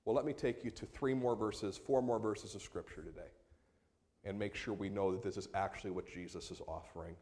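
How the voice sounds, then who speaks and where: A pastor with a fairly low voice delivers a sermon, shifting between quiet, slowed passages and raised, emphatic appeals.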